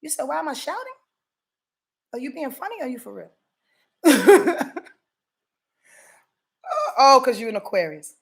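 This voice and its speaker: Animated, profane woman astrologer. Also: high voice, a little slow, vocal fry, pauses often. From Yonkers, New York. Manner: profane, animated, addresses viewers directly. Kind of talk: casual astrology forecast vlog.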